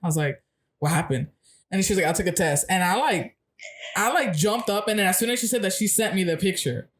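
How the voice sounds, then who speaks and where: A young woman co-hosting a podcast, chatting casually and retelling events with excitement and laughter. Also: medium pitch, fast, slight background noise. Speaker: podcast co-host. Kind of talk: casual chat.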